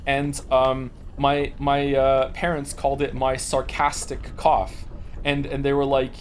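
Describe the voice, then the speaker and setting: A man's voice: mid-range voice, completely flat delivery, a little slow, slight background noise. A man in his forties from Wales, streaming and chatting casually, telling stories in a rambling, profane way with many restarts. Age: 40s. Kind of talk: casual chat.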